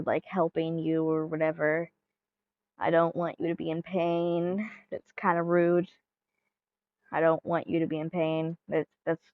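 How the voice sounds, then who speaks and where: A woman's voice: on the low side, no echo, narrow, tinny audio. A woman voicing an awkward, sweet puppet boyfriend who stammers and talks earnestly in a fan audio role-play.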